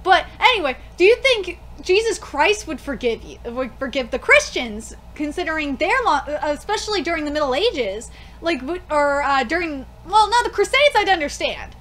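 A young woman with a very high, bright voice reacts live to a manga, excitable and prone to swearing. Her pitch leaps around, and a faint room hum sits behind her. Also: normal speed. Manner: excitable, shrieking, swears freely.

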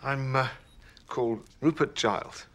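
A middle-aged man with an English accent playing a flustered, stammering gentleman in a TV drama. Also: medium pitch, unhurried. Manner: hesitant, stammering.

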